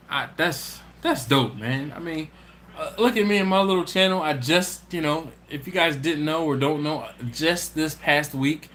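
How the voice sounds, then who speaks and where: Easygoing guy chatting on his live stream, laughs a lot, kinda higher voice. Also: a bit bright, slight background noise. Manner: laid-back and chatty, laughs often, trails off and restarts. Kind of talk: casual live-stream chat, reading viewer comments.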